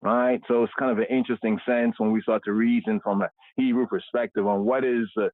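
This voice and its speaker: A man's voice: medium pitch, steady tone, fairly quick. A man leads a scripture word study and keeps checking in with "right?" after almost every phrase, repeating key words again and again. His voice comes through thin and phone-like. The sound is dry, with no room echo.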